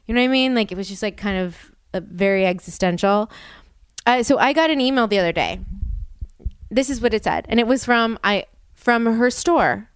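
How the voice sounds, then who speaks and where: Young female podcast host, filler-heavy casual chat, crisp and dry. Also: on the high side, moderate pace, no echo. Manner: chatty, filler-heavy with lots of "like".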